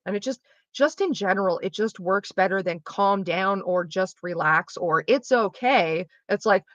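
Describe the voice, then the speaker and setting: A woman's voice: mid-range voice, moderate pace, a bit bright, dry recording. A young woman streamer chatting casually and frankly while she plays, explaining things and swearing freely. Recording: dull lo-fi dry sound.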